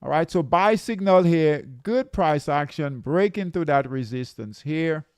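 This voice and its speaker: A man coaching traders through charts, in an unhurried, gravelly voice. He keeps asking "okay?" and "right?" along the way. The sound is close and dry. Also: a little high, lively intonation, darkish tone, no room sound. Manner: repetitive, checks in with "okay?" and "right?". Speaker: trading coach. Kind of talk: live chart walkthrough.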